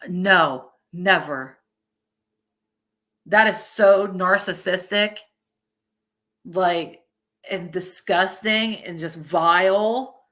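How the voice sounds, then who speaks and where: A woman's voice: lowish voice, very slow, pauses often, fairly bright tone. A woman in her early thirties chatting casually on a stream, swearing freely and laughing often. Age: early 30s. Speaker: streamer reacting to a video. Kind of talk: casual live-stream chat.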